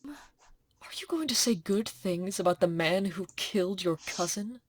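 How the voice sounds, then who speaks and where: A woman reading as a bitter, grieving older woman servant, in a slow, heavy dramatic reading for a class. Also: medium pitch, animated, no room sound. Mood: reproachful. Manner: slow, weary, heavy delivery.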